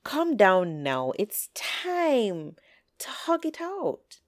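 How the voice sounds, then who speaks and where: A woman voicing a sly, smooth-talking male trickster coyote who wheedles and coaxes excitably. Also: medium pitch, slow pace, dry recording, studio quality, exaggerated voice. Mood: wheedling.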